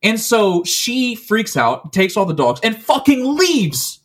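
A man with a slightly high voice chats casually on a podcast. He rambles through a long story, swearing freely and stumbling over restarts. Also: sing-song, takes it slowly, fairly bright tone. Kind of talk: casual chat.

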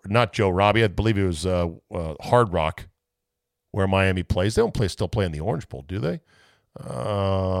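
A man's voice: fairly low pitch, no room sound, studio quality. A male sports talk show host in a casual monologue, rambling and making self-mocking asides.

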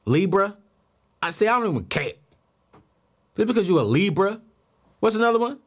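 A male host tells personal stories in a casual, animated way. His voice sits high and swings widely, jumping up into incredulous exclamations. He acts out the other people's lines and slides into preaching about faith. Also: moderate pace. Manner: preachy, faith-driven talk. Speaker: show host. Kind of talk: casual storytelling to the camera.

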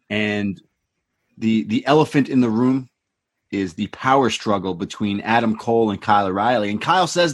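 A podcast co-host with a fairly low voice and a moderate pace animatedly retells a wrestling show in a casual way. He acts out the wrestlers' lines, quoting them in altered voices.

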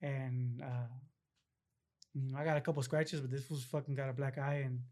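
A young man in a casual interview, telling stories about prison life in relaxed street slang and acting out the other people's lines. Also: medium pitch, normal speed. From Los Angeles area, California. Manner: laid-back street slang, retells scenes acting out other voices. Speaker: interview guest.

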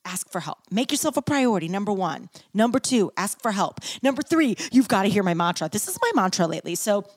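A woman's voice: mid-range voice, very animated, brisk, husky, no echo. A woman hosting a podcast and giving a motivational talk, earnest and emphatic. She repeats her points and keeps asking "right?". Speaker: podcast host and keynote speaker.

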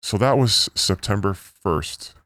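A man in his forties, a missionary guest, telling his story in a rambling, earnest way through a pitch-altered disguise. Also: lively intonation, takes it slowly, fairly bright tone, no echo, clean studio sound. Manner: earnest, rambling, full of "like" and "you know". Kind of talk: casual storytelling interview.

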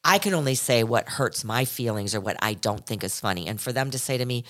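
A woman's voice: extremely low pitch, expressive, fairly quick, hardly any pauses, a bit bright. Earnest, reflective woman podcast co-host. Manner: earnest, reflective, talks in restarts. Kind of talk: casual chat.

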